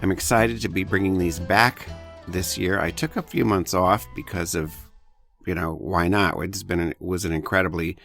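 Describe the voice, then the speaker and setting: A man hosting an interview podcast, speaking in a friendly, halting way with frequent self-corrections. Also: deep voice, fairly even intonation, vocal fry, fairly bright tone, soft background music. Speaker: podcast host. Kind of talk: casual interview chat.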